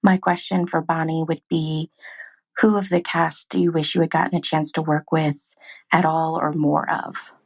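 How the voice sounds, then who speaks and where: Brief: woman caller from Ohio, monotone with vocal fry, polite. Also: sits low, moderate pace. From Ohio, United States. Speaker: voicemail caller.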